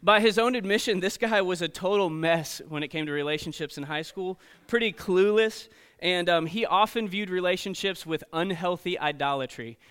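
Animated man telling stories to teens. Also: sits high, normal speed, few pauses, smooth. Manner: storytelling, animated, frequent "okay?" and "right?" asides. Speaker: youth pastor. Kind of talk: sermon to teenagers.

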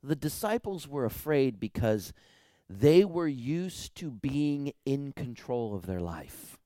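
Male pastor, mid-pitched, dry close sound, dramatic preaching that swings soft to loud. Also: dry recording. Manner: animated preaching, swinging from hushed to loud pleading. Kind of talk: sermon.

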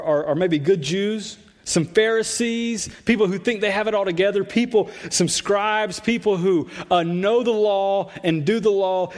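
A man with a high-pitched voice preaches a sermon to his congregation. His delivery is conversational and loose, with repeated words and frequent "like". He sounds like a pastor talking straight to the people in the room. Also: a little mellow. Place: church sanctuary.

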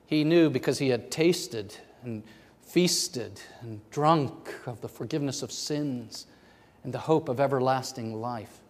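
A man preaching a sermon in a church, moving between loud, fervent passages and hushed near-whispers. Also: medium pitch, unhurried, slight background noise. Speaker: pastor. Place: church sanctuary. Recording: long hall reverb.

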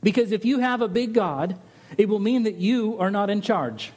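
A middle-aged man delivers a sermon in a lighter, higher-pitched voice. He preaches with animation and pushes his pitch up on each rhetorical question. He settles back into easy storytelling between the big points. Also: animated, normal speed, darkish tone. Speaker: pastor.

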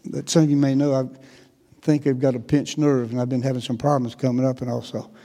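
A man's voice: mid-range voice, a little fast. A man in his sixties with a North Carolina accent, preaching a folksy, chatty sermon. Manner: relaxed, chatty, laughs often. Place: church hall. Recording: echoey church hall.

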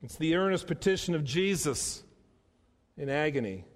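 A man preaching a sermon, emphatic, repeating phrases and slowing down to stress key words. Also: fairly high pitch, lively intonation. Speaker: pastor. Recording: long hall reverb.

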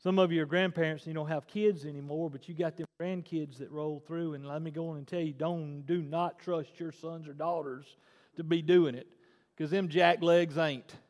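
A man, preaching a sermon to his congregation, dropping to a hush and then rising to loud, emphatic appeals. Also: on the high side, steady tone, normal speed. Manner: emphatic preaching that swings between hushed and loud. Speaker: pastor. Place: church sanctuary. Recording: long reverb of a church hall.

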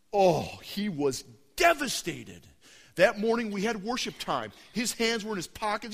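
A young man preaching a sermon, telling stories with lively acted-out voices. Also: mid-range voice. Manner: animated storytelling, acting out voices. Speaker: pastor. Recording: long hall reverb.

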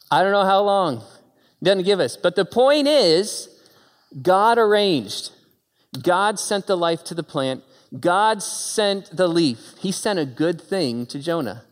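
A man preaching a sermon with animated storytelling and dramatic pauses, recorded in a church hall. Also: high-pitched.

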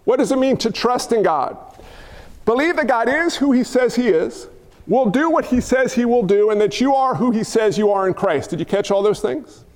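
A man's voice: extremely high pitch, lively intonation, moderate pace, darkish tone. A man preaching a sermon in a church, talking in a conversational way with rhetorical questions and jokes for the congregation. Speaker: pastor. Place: church sanctuary. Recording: hall reverb.

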